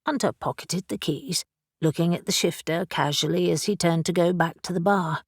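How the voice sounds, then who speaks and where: A woman narrating a fantasy audiobook in a measured, even way. Her voice is low and husky, and the recording is close and dry with no room sound. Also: no room sound. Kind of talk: scripted narration.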